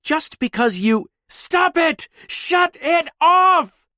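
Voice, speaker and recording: A man's voice: very high voice, lively intonation, takes it slowly, sharp tone, no room sound, studio quality, pitched above the performer's own voice, full character voice. A man voicing a terrified young woman telepath who pleads and breaks down into screams in an audiobook. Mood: hysterical.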